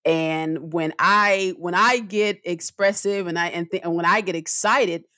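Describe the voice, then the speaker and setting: A middle-aged woman co-hosting a podcast in casual conversation, expressive, with her voice rising when she gets excited. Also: fairly low pitch, a little slow, no room sound, studio quality. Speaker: podcast co-host.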